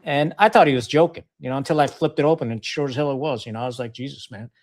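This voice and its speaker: A middle-aged retired Marine officer from Pakistan tells war stories as a podcast guest in a casual storytelling interview. His mid-range voice is fast and a little mellow, and he speaks frankly and profanely, with lots of fillers and restarts.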